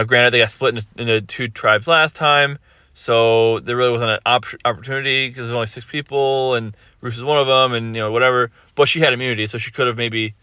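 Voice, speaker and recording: A man hosts a casual podcast, talking through reality TV in a rambling, self-correcting way. His voice is bright and forceful at a middling pitch. The recording is dry and close, with no room sound. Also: no room sound. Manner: rambling, self-correcting, retells scenes with quick quoted asides. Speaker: podcast host recapping reality TV. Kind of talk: casual recap commentary.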